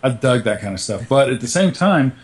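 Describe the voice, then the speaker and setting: A man's voice: mid-range voice, animated, brisk. A man, co-hosting a casual podcast chat, rambling with many fillers and restarts. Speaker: podcast co-host.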